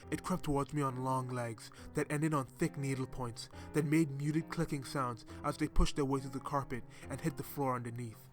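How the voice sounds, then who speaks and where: A man reads a scripted horror tale in a steady, dramatic way, at a middling pitch. Faint music plays softly underneath. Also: moderate pace, hardly any pauses. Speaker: horror story narrator.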